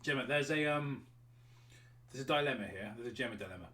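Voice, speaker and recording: A man chatting casually and telling stories in a rapid, animated way. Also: medium pitch. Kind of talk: casual chat.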